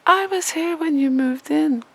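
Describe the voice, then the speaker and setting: A woman doing a chirpy, nosy neighbour lady in a high, sugary, eager voice. She gushes over everything, and the tone has a faint grainy rasp underneath. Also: unhurried, a bit bright, heavily acted. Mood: gushing.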